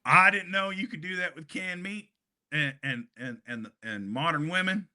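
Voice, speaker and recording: Bright-voiced rambling man from Hawaii. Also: a little high, normal speed. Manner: rambling storyteller with many fillers and chuckles. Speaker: podcast co-host. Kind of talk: casual chat.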